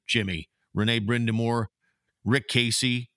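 An upbeat man hosting a casual sports podcast, his voice bright and forward. The sound is close and dry, with no room around it. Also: mid-range voice, normal speed, no echo. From Canada. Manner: upbeat, rattles off sponsor and member names. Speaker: podcast co-host.

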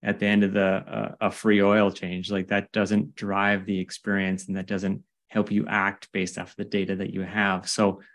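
Casting: man, podcast host, low monotone, chatty and rambling. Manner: rambling, enthusiastic. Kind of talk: podcast interview.

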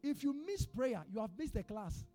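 A man preaching in a church with a Ghanaian English accent, telling a personal story in his sermon. He is an animated storyteller who swings from hushed tones to shouting. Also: very high-pitched, moderate pace, faint music behind. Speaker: pastor.

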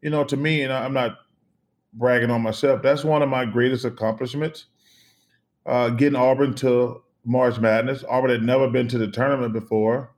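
A middle-aged man from the United States, a guest in an interview, telling stories in an animated, emphatic way, repeating phrases and swearing casually. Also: mid-range voice, normal speed. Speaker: interview guest, former basketball player.

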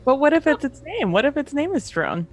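A woman at a tabletop game, excitable and quick to swear or laugh mid-sentence. Her pitch swoops widely and sits a touch high. Faint music plays underneath. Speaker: player. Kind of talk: casual tabletop play.

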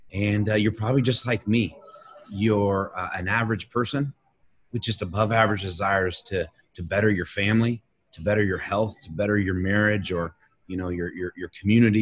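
A man's voice: fairly low pitch, breathy edge. A man hosting a motivational team call, talking loosely with frequent "uh" fillers and restarts. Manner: conversational, lots of "uh" fillers and restarts. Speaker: host of a coaching call.

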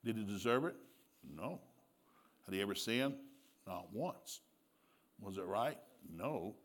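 A male preacher giving a sermon with animated storytelling, laughing often and acting out dialogue. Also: lowish voice, slow.

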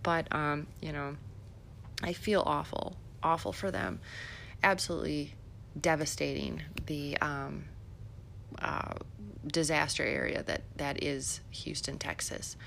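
A woman's voice: sits low, fairly even intonation, slow, gravelly, a bit bright, slight background noise. A middle-aged woman from Illinois hosting a podcast, giving chatty, sarcastic political commentary with many fillers. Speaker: podcast host.

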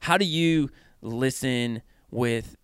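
A man's voice: medium pitch, slow pace, clean tone, no echo. A man from Pennsylvania co-hosting a podcast, chatting casually about a book in a rambling way full of "like" fillers. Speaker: podcast co-host.

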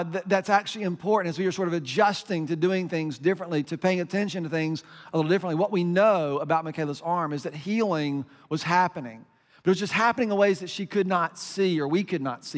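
A man's voice: high-pitched, fairly bright tone, big-room sound. A middle-aged man, a pastor, giving a conversational sermon with self-deprecating stories and lots of fillers.

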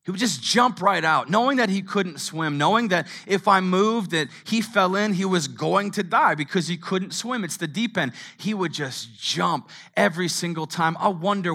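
A middle-aged man preaching a sermon. He swings from hushed tones to shouting. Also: high voice, normal speed, hardly any pauses. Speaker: pastor.

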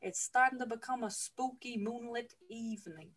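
A woman's voice: on the high side, moderate pace, a bit bright. A woman host retelling a movie plot for laughs, chatty, laughing often and swearing casually. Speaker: podcast host. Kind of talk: comedic movie recap.

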